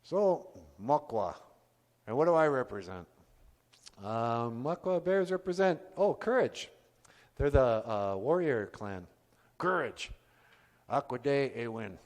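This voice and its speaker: Man doing a laid-back bear puppet, rambling, lively pitch, stage reverb. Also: slow pace, long pauses. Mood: easygoing.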